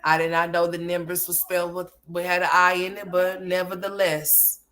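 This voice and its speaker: A woman's voice: fairly low pitch, flat delivery, normal speed, a bit bright. Sassy scolding woman commentary host. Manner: sassy, scolding, addresses people as girl. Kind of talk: casual commentary rant.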